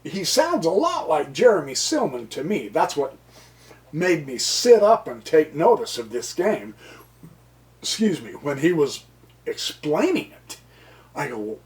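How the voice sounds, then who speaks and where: Unhurried and a little high, this man's voice moves through big pitch swings as he teaches chess casually. He's a tired American who rambles, tosses in jokey asides, and mutters to himself between points.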